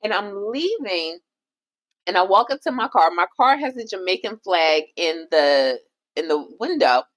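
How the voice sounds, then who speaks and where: A woman's voice: mid-range voice, unhurried. A woman from the United States co-hosting a casual podcast chat, telling a story and acting out the voices of the people in it. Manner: animated storyteller, acts out quoted voices. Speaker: podcast co-host.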